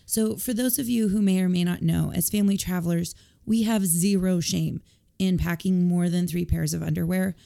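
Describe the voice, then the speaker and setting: A woman co-hosting a casual podcast, her voice croaky from a cold, with a wry, self-deprecating way of talking. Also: on the low side, steady tone, moderate pace, mellow. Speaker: podcast co-host. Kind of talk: casual chat.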